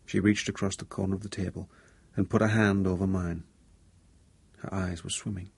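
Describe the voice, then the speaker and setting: A man narrating a thriller audiobook in first person, measured and low-key with a tense undertone. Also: level tone, creaky, darkish tone, breathy edge, no room sound.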